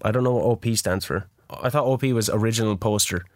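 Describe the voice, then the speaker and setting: A man's voice: on the low side, fast, no room sound, clean studio sound. A man, co-hosting a podcast, telling a story in casual chat, swearing and laughing often. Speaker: podcast co-host.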